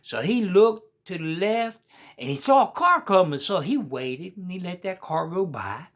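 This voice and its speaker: A woman's voice: on the low side, expressive, a little slow. A woman telling a children's story in a folksy, colloquial way and speaking straight to the young listeners.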